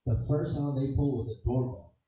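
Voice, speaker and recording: A man's voice: mid-range voice, fairly even intonation, a little fast, mellow, heavy reverb, recorded from a distance, muffled recording, a little hiss or hum. A man from Chicago doing a crude, rambling stand-up comedy set, swearing constantly. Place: comedy club stage.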